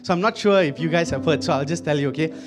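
Dude preaching, jokey and loose, kinda high voice, stumbles and repeats words. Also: male voice, fast talker. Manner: humorous, conversational, repeats words. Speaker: pastor. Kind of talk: sermon.

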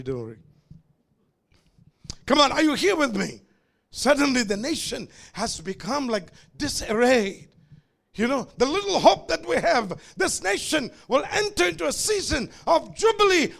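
A male pastor delivers a sermon in call-and-response style. His voice is very high and gravelly. It swings widely, from shouted peaks down to muttered asides.

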